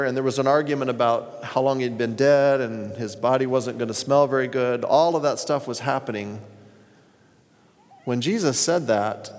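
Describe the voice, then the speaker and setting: Gravelly and mid-range, this pastor's voice carries through the long reverb of a hall as he preaches. He tells scripture stories with earnest feeling and reads verses aloud.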